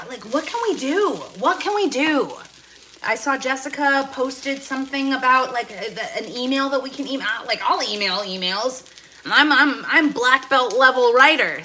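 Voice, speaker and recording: A chatty woman streams live from her home kitchen, frying rice while she talks with her viewers. Her voice is bright and clear, swinging between cheer and indignation as she reads their comments. A pan sizzles faintly in the background. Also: fairly high pitch, slight background noise. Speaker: livestream host. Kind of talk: casual livestream chat while cooking. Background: food sizzling in a pan.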